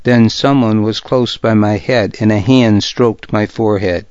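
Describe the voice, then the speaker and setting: A man reading a story aloud in the first person, steady and measured. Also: fairly low pitch, clear, resonant tone, no echo. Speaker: audiobook narrator. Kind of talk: scripted first-person narration. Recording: dull, muffled close recording.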